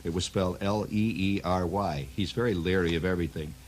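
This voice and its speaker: A man's voice: deep voice, brisk, slight background noise. Wry, rambling radio storyteller man. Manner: wry, digressive, chuckling humor. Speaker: radio host.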